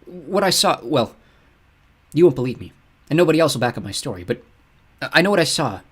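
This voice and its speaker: A man reading an audiobook, voicing a guarded adult woman who speaks softly and cautiously. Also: fairly high pitch, sing-song, fairly quick, breathy edge, pitched above the performer's own voice, exaggerated voice. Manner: soft, cautious and earnest. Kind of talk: audiobook narration.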